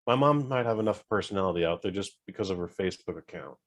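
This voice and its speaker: A man co-hosting a podcast in casual chat, tossing out quick, playful replies. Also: low-pitched, animated. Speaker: podcast co-host.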